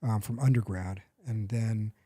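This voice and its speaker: A man in his forties talks in a relaxed podcast chat, his voice mellow and dark. He rambles, backtracks to correct himself and laughs easily, recorded close and dry. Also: on the low side, measured pace, breathy edge, no echo. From United States. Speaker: podcast co-host. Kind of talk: casual chat.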